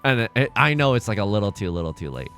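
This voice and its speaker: Lively, exasperated gaming host, stammering. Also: male voice, on the low side, quick pace, faint music behind. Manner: stammering, exasperated, self-mocking. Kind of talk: let's play commentary.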